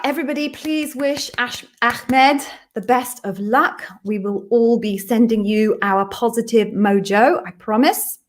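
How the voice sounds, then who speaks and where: A woman from the UK hosting a live Q&A stream from her home office, chatty and quick with self-amused asides. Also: a little high. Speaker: host and interview coach. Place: echoey home office being redecorated.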